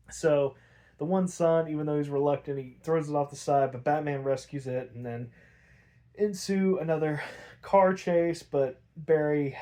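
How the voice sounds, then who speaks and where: A man hosting a podcast, giving a casual, animated recap full of "like" and fillers, with some swearing. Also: on the high side. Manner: animated, chatty, frequent "like" and fillers, swears freely. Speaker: podcast host.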